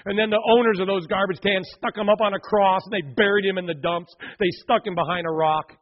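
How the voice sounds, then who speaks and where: A middle-aged man preaching a sermon, telling stories dramatically and swinging from hushed tones to loud, fervent appeals. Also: high-pitched, steady tone, fairly quick. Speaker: pastor. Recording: dull lo-fi recording.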